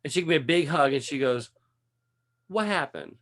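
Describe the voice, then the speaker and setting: A man's voice: fairly high pitch, moderate pace. Give me a chatty male podcast host. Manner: animated storytelling, frequent restarts and laughs. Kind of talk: casual chat.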